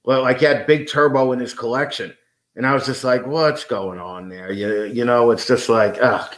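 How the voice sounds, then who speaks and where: A man's voice: medium pitch, steady tone, moderate pace, fairly bright tone. Ranting, swearing man in a roomy space. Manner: ranting, heavy swearing, stammering restarts. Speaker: podcast guest. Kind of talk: casual profane chat.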